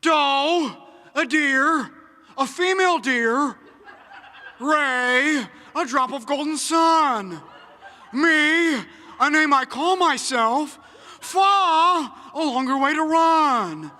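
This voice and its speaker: A male comedian impersonating an erratic film actor, shouting nursery-style song lyrics. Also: extremely high pitch, animated, extremely slow, a little hiss or hum, voice pushed up, full character voice. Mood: manic. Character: manic unhinged male film star. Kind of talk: stand-up impression.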